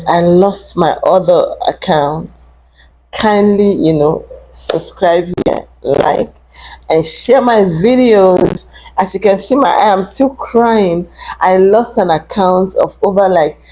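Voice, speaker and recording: A woman's voice: mid-range voice, warm tone, slight background noise. A woman vlogger talking to camera in an opinionated rant, emphatic and indignant, repeating her points.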